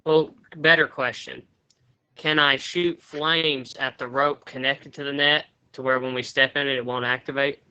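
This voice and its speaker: A man's voice: medium pitch, level tone, normal speed, sharp tone, smooth, no room sound, low-quality recording. A man playing in a tabletop game, eagerly asking questions. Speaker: player. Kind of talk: casual tabletop play.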